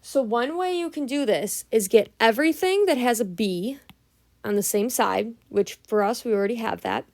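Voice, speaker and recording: A young woman teaches math step by step in a relaxed, patient way. She sounds tired, and her slightly high voice often drops into a gravelly fry. She keeps checking whether the class is following along. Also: moderate pace. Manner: patient, explaining step by step with frequent "right?" checks. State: tired, early morning. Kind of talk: casual math tutorial.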